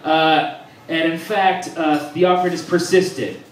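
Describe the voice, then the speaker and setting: A man's voice: on the high side, slow pace, distant mic. A young man doing a stand-up routine at a live venue, telling a story animatedly and acting out the people in it. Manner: animated storytelling, acts out quoted characters. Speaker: stand-up comedian. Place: live comedy venue with audience. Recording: echoey room recorded from afar, noisy.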